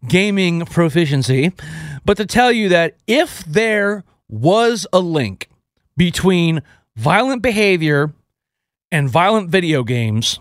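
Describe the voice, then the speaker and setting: High-voiced, joking male radio host. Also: no echo, clean studio sound. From Houston, Texas. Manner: energetic, joking, self-deprecating. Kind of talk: casual radio show opening.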